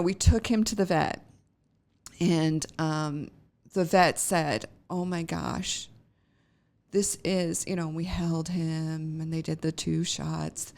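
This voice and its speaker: A woman's voice: on the low side, slow, pauses often. A middle-aged woman hosting a podcast, telling a personal story casually and emotionally, with frequent laughs and many fillers and restarts. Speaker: podcast host.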